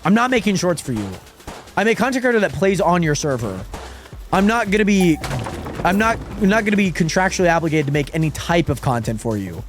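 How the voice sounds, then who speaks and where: A young man streams a game and talks to his viewers, his voice sitting high and leaping around with every reaction. He swings from cheery greetings to muttered frustration. Faint music plays underneath. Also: a little fast. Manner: animated, swings between excited greetings and exasperated muttering. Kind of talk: casual live-stream chat while gaming.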